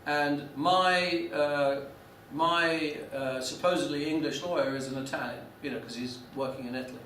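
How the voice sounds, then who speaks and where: A man's voice: a little high, normal speed, fairly bright tone, slight background noise. A man lecturing a class, telling a business story with many restarts and fillers. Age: 40s. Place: lecture room. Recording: echoey room, mic from a distance.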